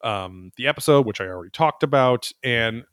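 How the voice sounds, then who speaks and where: A man's voice: mid-range voice, lively intonation, brisk, a bit bright, clear, resonant tone, no room sound, studio quality. Rambling, foul-mouthed male podcast host. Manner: rambling, profane, wry. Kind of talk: casual episode recap chat.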